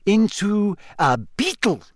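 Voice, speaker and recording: A man reading aloud and voicing a clever, eager teenage schoolgirl who speaks briskly and knowingly. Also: high voice, very animated, dry recording, clean studio sound, pitched above the performer's own voice, heavily acted.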